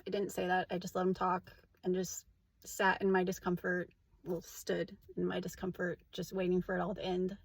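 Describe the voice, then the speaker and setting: A woman's voice: lowish voice, completely flat delivery, normal speed, gravelly, slightly rough, no room sound. A woman vlogger talking in a casual, candid, rambling monologue, full of "like" and restarts. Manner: rambling and candid, heavy use of "like".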